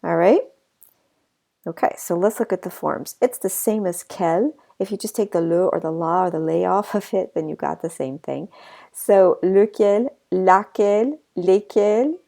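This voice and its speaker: A woman teacher explaining French grammar in a relaxed recorded lesson, with fillers, asides and a slight cough. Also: lowish voice, creaky. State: a bit of a cough.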